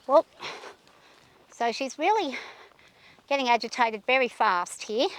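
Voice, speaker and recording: A woman with a high voice talks while riding outdoors. She is shaky and anxious and keeps talking herself through her nerves. She speaks gently to calm her horse. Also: measured pace. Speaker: horse rider vlogger.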